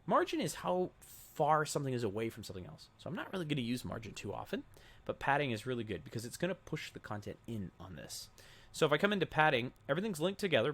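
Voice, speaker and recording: A young adult man giving a casual screen-recorded software tutorial, thinking aloud as he clicks through settings. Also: medium pitch, husky. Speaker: web design tutor.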